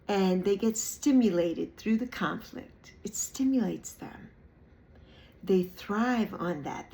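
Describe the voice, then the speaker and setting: Woman about 62 talking to her channel, repeats herself for emphasis, mid pitch, swoops up when she mocks people. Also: vocal fry, a little mellow. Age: 60s. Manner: emphatic, repeats phrases, mocks others in playful put-on voices. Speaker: YouTube creator. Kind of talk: reflective monologue to camera.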